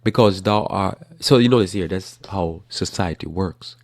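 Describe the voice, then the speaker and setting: A man hosting a casual religious talk show about current events, rambling with restarts in a flat, matter-of-fact way. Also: low voice, moderate pace, dry recording, clean studio sound. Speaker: host.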